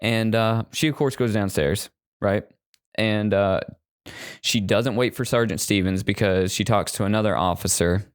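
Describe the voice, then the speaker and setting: Profane, animated male podcast co-host. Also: on the low side, moderate pace, clear, resonant tone, no echo, studio quality. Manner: profane, animated retelling with mocking put-on voices. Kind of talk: casual movie-review chat.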